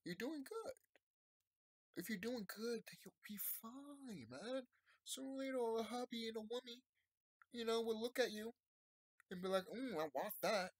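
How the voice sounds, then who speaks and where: A man's voice: very high-pitched, normal speed, pauses often, no room sound. A man in his thirties talking casually and emphatically to his subscribers, rambling and repeating himself. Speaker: YouTuber. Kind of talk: casual unscripted monologue to subscribers.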